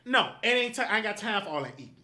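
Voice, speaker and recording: A man's voice: high-pitched, big pitch swings, rapid-fire, pushed and bright. A man hosting a live show, angrily scolding his producer in a profane, repetitive rant. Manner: repetitive, emphatic commands. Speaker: show host.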